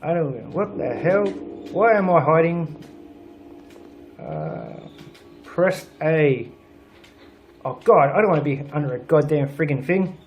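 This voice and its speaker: Young male let's-player, slightly high voice, sweary and sarcastic, home desk mic. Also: big pitch swings, measured pace, pauses often, muffled recording. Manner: swears a lot, grumbling and sarcastic. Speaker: gaming channel host. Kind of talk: let's play commentary.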